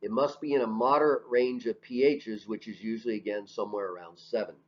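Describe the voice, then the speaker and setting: A man's voice: on the low side, fairly even intonation, brisk. A male teacher giving a recorded lecture over slides, talking in a conversational way, asking questions and answering them himself, often tagging "right?". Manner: conversational, asks and answers his own questions, frequent "right?". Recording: dull lo-fi audio.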